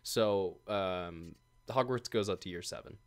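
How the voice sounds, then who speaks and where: A relaxed male podcast host with a fairly low voice, talking casually and laughing easily between thoughts. He reads a sponsor message with the same loose, filler-heavy chat as the rest of the show. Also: unhurried. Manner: laid-back, chatty, laughs often, many fillers.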